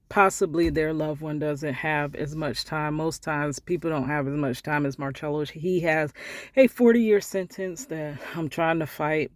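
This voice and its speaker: A middle-aged woman vlogger telling a personal story in a heartfelt, conversational way, sometimes dropping to hushed asides. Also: deep voice, dry recording.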